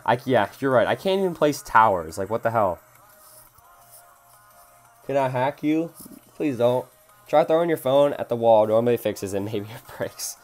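A young man live-streaming a mobile game, cursing at his phone and talking back to chat as he plays. His voice sits at an ordinary middle pitch for a man, with music playing faintly underneath. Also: animated, normal speed, pauses often. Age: young adult. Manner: frustrated, swearing, reading chat aloud. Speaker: gaming streamer.

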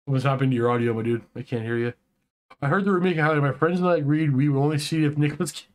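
A fairly high-voiced man talks in a relaxed online chat. He gets excitable and animated, tripping over restarts as he rants. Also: racing. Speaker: podcast co-host. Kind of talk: casual chat.

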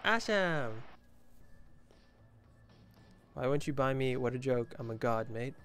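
A man's voice: mid-range voice, little pitch movement, brisk. A man giving casual, joking commentary while playing a football video game, chatting to his viewers and to the players on screen. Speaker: gaming video creator.

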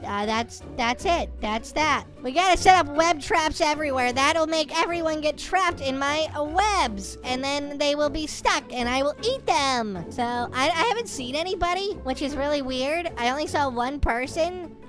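A woman hosting a gaming channel, giving chatty, excitable gameplay commentary. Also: high-pitched, moderate pace, hardly any pauses. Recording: game music playing underneath.

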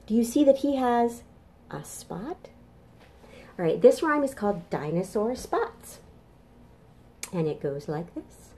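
A woman's voice: fairly high pitch, sing-song, takes it slowly, pauses often, warm tone. A woman children's librarian leading a toddler storytime from her home kitchen, cheerful and sing-song as she talks to small children.

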